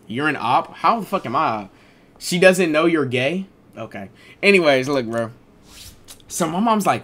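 A young adult man streamer telling a casual storytime, animated, slangy and profane. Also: a little high, unhurried, long pauses.

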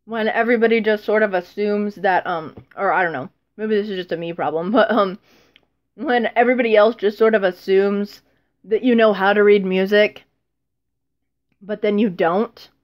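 A woman's voice: medium pitch, clear, resonant tone. Teen girl vlogger, casual and self-mocking, mid-range voice, slightly muffled recording. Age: teens. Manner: rambling, self-deprecating, frequent ums and laughs. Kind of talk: casual vlog chat.

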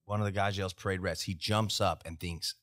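Low-voiced profane American army storyteller. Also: male voice, normal speed, dry recording, clean studio sound. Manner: profane, animated anecdote telling. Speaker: podcast guest, Army veteran. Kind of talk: casual storytelling. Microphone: podcast studio mic.

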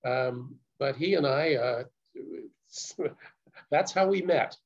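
An older man recounting his story as a guest speaker, earnest and measured, with small stammers. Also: mid-range voice. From Canada. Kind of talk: personal storytelling talk. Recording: muffled lo-fi recording.

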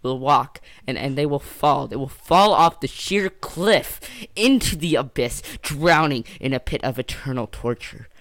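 A man's voice: medium pitch, fairly even intonation, unhurried, dry recording, close to an everyday voice. A young man doing a cranky, scolding boy. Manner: exasperated, scolding, overdramatic. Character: cranky fussy boy lifeguard-type, always angry.

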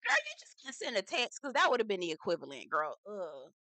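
A woman's voice: mid-range voice, huge pitch swings, brisk, sharp tone, dry recording. A woman hosting a reality TV recap, talking in a sassy, profane, gossipy way with lots of chatty asides. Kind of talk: casual gossipy commentary.

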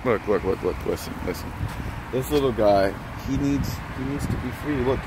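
A man's voice: mid-range voice, moderate pace, noisy background. A man vlogging casually outdoors and in his truck, teasing his companion and laughing often. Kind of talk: casual vlog banter.

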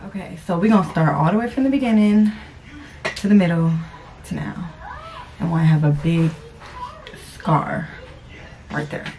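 A woman's voice: on the low side, normal speed, pauses often, a little mellow. A young woman vlogging casually on her phone, blunt and cussing freely. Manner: blunt, cusses freely, groans in pain. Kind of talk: casual confessional vlog. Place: car, then indoors at home. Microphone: phone camera. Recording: noisy phone recording.

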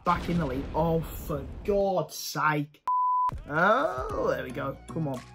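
Excitable man commentating gameplay. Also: a little high, a little slow, over music. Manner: excitable, swears and cheers at the game. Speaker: gaming YouTuber.

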